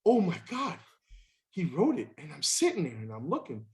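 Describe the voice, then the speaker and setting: Animated middle-aged man telling stories. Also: normal speed. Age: 50s. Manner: animated, acts out quoted voices with big pitch jumps. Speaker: podcast host. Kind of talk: casual storytelling chat.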